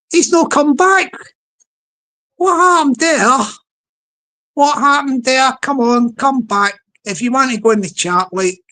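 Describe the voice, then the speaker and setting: Woman, livestream host, slow rambling chatter, slightly high voice. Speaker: live streamer. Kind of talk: casual livestream chat.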